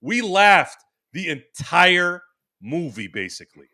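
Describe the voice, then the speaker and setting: A man in his forties, a podcast host, telling a long casual story, animated and full of restarts. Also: sits high, slow. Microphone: remote stream microphone.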